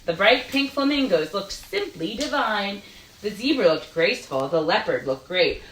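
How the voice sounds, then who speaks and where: Expressive woman reading a picture book. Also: mid-range voice, moderate pace, far from the mic, a little hiss or hum. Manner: expressive, gentle storytelling. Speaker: storytime reader. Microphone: video call. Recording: roomy echo.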